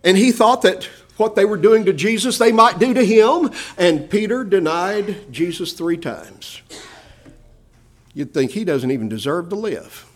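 A man preaching a sermon, addressing his listeners as "my beloved", moving between hushed low phrases and loud rising emphasis. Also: animated, a little slow.

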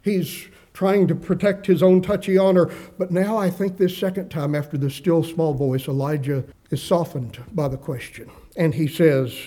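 Earnest preacher man, mellow and higher-pitched. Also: fairly even intonation, moderate pace, hardly any pauses. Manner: earnest preaching with rhetorical questions to the congregation; drops softly for gentle phrases, rises for emphasis. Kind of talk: sermon.

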